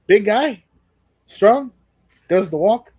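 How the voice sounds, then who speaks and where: A man's voice: sits high, slow, slightly rough, no echo. A man co-hosting a podcast in casual chat, telling stories with lots of energy and plenty of swearing. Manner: animated storyteller, swears freely. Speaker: podcast co-host.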